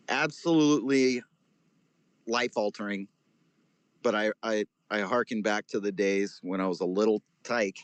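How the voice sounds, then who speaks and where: Low-voiced joking man, dry sound. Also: dry recording. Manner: joking, rambling storyteller. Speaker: guest speaker. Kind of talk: casual chat on a live audio space.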